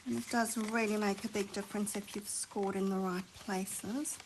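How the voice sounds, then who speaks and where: A woman hosting a craft tutorial, chatting and thinking aloud as she works, sometimes dropping to a soft near-whisper while she concentrates. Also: mid-range voice, fairly even intonation, normal speed, a little hiss or hum, poor audio. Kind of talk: chatty hands-on craft demonstration.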